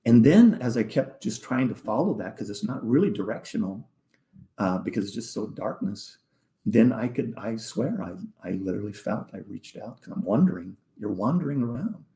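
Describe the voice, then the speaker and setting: A man, a podcast guest, telling an emotional personal story in a halting way, repeating words and sometimes dropping almost to a whisper. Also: fairly low pitch, expressive, vocal fry, mellow. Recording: echoey room.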